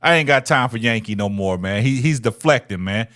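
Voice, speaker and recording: A man's voice: medium pitch, lively intonation, a little fast, a bit bright. A man, hosting a casual livestream and talking to viewers in the chat. He taunts them, repeats himself and ends many phrases with "man". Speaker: livestream host.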